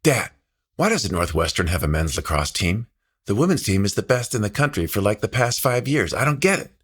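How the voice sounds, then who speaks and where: A man's voice: on the low side, sing-song, brisk, a bit bright, husky, pitched above the performer's own voice, heavily acted. A man voicing his eager teenage son, a shy boy who turns chatty and upbeat with questions. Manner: upbeat, questioning, casual teen talk.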